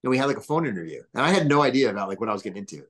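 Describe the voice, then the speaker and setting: In a casual storytelling interview, a podcast guest in his thirties who founded a business talks at a racing pace in a mid-range voice. His delivery is animated, rambling and filler-heavy.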